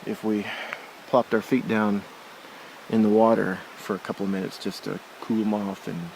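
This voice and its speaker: A man's voice: on the low side, level tone, normal speed, creaky, a little mellow, slight background noise, low-quality recording. A man filming his hike outdoors beside a forest creek, rambling and thinking aloud in a casual vlog, correcting himself as he goes. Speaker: hiker filming his trip.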